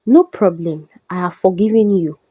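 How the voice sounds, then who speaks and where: A woman's voice: on the low side, moderate pace, warm tone, husky, no room sound. A woman voicing a hurt but forgiving wife in a folktale. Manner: emotional.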